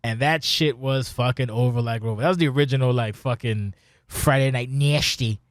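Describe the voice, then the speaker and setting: A man hosting a casual podcast, talking in an excitable, profane, rambling way. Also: mid-range voice, normal speed, no echo, studio quality. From Spanish heritage. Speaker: podcast host.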